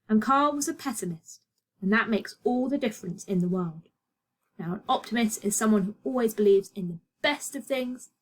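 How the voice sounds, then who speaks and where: A woman teacher with a British accent, reading a storybook aloud to a class and adding chatty asides. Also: medium pitch.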